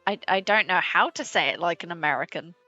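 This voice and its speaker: Low-voiced British woman streaming a game. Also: brisk, pushed and bright, no echo. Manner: chatty, swears freely, laughs with chat. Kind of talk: casual game stream chat. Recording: slightly dull sound with faint game music.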